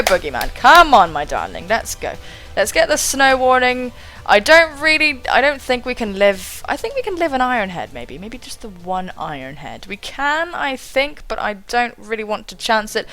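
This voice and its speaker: A young woman doing excitable live game commentary, thinking aloud and swearing casually. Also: medium pitch. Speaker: gaming channel host.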